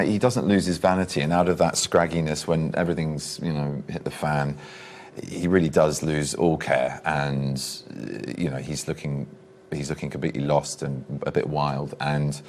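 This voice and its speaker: A man's voice: extremely low pitch, a little mellow, slight background noise. A middle-aged British man with an English accent, chatting as a guest in an interview, playful and self-mocking, rambling through his stories. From England. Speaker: guest actor. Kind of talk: casual interview chat.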